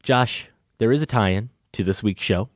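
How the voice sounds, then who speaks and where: A man co-hosting a film podcast in an easy, chatty way. His voice is deep and dry, recorded close. Promos and segments come out as upbeat, announcer-like reads. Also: unhurried, dry recording. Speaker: podcast co-host. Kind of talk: casual film podcast chat.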